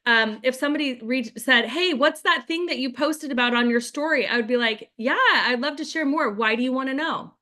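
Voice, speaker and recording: A woman's voice: sits high, fairly quick, hardly any pauses, bright, forceful tone. A woman leading a group video call as a network marketing trainer, chatty, with frequent "like" and "right?". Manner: chatty, acts out sample scripts in quotes.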